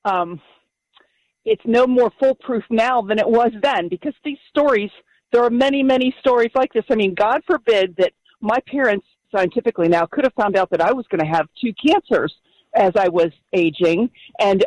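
A woman's voice: a little high, moderate pace, a little mellow, no room sound, low-quality recording. A woman calling in to a radio show, speaking firmly and from the heart about her convictions. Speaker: caller. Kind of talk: call-in radio talk.

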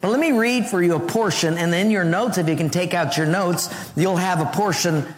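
A man preaching a humorous, story-driven sermon, dropping his voice low for emphasis. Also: fairly quick. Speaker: pastor. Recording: long hall reverb.

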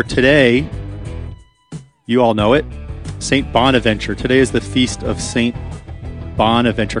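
A man hosting a radio talk show, chatting casually and rambling with many fillers from a studio. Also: mid-range voice.

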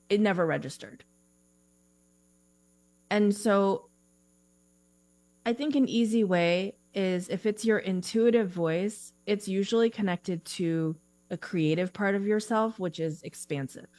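A woman's voice: medium pitch, unhurried, no echo. Chatty woman career coach. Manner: chatty, animated, frequent "like" fillers. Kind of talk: podcast interview. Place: home office, remote call.

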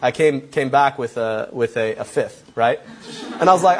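A man's voice: mid-range voice, lively intonation, normal speed. A man telling a comic personal anecdote, acting out both sides of the dialogue and laughing along. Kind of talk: stand-up style anecdote.

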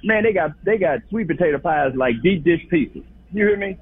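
A man's voice: fairly high pitch, lively intonation, brisk, husky, no room sound. A man calling a radio show from a grocery store, folksy and laid-back. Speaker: caller. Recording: tinny phone line.

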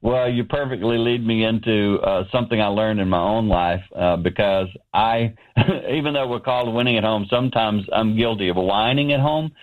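Brief: middle-aged male guest, earnest storyteller, lively quoting, speaking from an office. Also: on the low side, normal speed, phone-quality sound. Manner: earnest, anecdotal, animated quoting. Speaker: ministry founder, guest. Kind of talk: storytelling radio interview. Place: his office.

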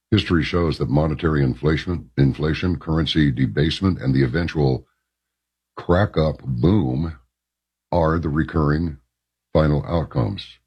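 A man's voice: extremely low pitch, vocal fry, a little mellow, breathy edge. A man hosting a talk radio show, reading an article aloud and adding wry asides.

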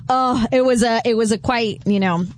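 A chatty woman co-hosting sports talk radio in a high voice. She trades quick banter with the host. Her talk is loose, with restarts and laughter. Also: dry recording.

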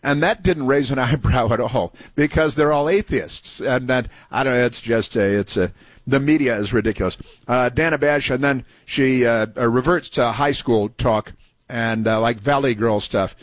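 A man's voice: mid-range voice, moderate pace, no echo. A man hosting a talk radio show, indignant and sarcastic, rambling with many fillers as he introduces audio clips. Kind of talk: opinionated talk radio commentary.

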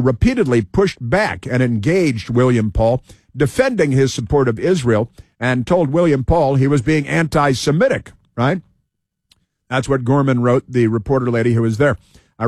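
A man's voice: mid-range voice, darkish tone, no room sound, studio quality. A man hosting political commentary, reading news aloud with sarcastic asides, fillers and restarts.

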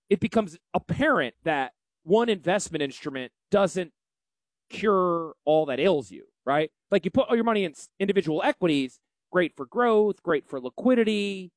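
A man with a Yankee accent hosting a financial show, brash and salesy in a folksy promotional pitch. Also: dry recording. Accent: Northeastern US. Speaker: financial advisor and show host. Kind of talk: promotional radio talk.

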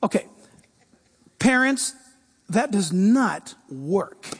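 A male preacher with a husky, rather high voice. He speaks fervently and with emphasis, often repeating key phrases for effect. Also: animated, a little slow, no room sound. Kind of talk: preaching on a talk show.

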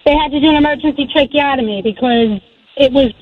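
A woman's voice: sits high, fast talker, a little hiss or hum. A woman in her sixties calling in to a radio show, earnestly telling a childhood story. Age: 60s. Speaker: caller. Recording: phone line.

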